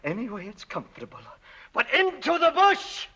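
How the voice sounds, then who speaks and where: An actor playing an impatient film director who explains things slowly and in exasperation, in an old Hollywood film clip. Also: male voice, very high voice, wildly swooping pitch, pushed and bright, breathy edge, muffled recording, full character voice. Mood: exasperated. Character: impatient male film director, middle-aged.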